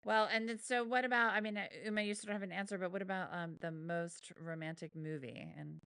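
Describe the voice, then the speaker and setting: A woman's voice: mid-range voice, steady tone, fast talker, a bit bright, smooth, no echo, studio quality. A woman co-hosting a podcast, asking guests questions in an encouraging, friendly way. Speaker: podcast co-host. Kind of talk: casual interview chat.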